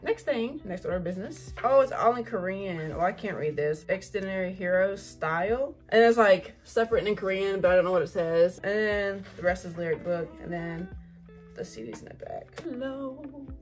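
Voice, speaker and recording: Young woman freaking out over an album, says like a lot, swears, soft music behind. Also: medium pitch, fairly quick. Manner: excitable, gushing, swears, many "like" fillers. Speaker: vlogger unboxing an album. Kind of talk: casual chat to camera.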